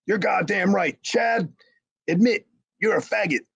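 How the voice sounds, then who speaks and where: A man putting on the voices of veteran wrestlers who jeer and taunt a rookie, raising his pitch for them. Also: a little slow, no room sound. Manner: jeering, taunting. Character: mocking, bullying veteran male wrestlers.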